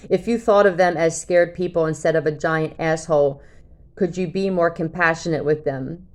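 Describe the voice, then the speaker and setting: A woman's voice: lowish voice, a little mellow. A woman tarot reader talking casually to her viewers, blunt and cursing freely, often checking in with "okay?". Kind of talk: casual talk to camera.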